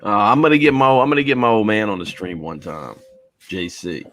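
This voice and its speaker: A man's voice: fairly low pitch, fairly quick, fairly bright tone, no room sound. A middle-aged man, a podcast guest telling rambling, profane stories over a video call and calling everyone bro. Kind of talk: casual storytelling chat.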